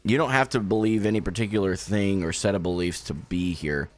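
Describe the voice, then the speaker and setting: A young man live-streaming with a headset, chatting casually and making an earnest, encouraging pitch to his community. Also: a little fast, faint music behind. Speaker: gaming streamer.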